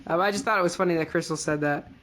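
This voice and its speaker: Chatty woman podcast co-host, lowish voice. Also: very fast, a bit bright, a little hiss or hum. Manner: chatty, lots of fillers, quotes characters in playful voices. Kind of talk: casual recap chat.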